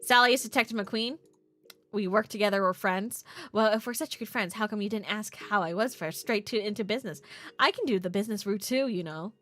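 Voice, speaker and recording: A woman voicing a curt, touchy female police dispatcher in a video game, speaking low and quick. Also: a bit bright, natural voice.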